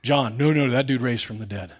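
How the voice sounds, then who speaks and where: A man preaching a sermon in a conversational, candid way, full of asides, who swings between loud emphatic bursts and quiet low asides. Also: a little fast. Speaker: pastor.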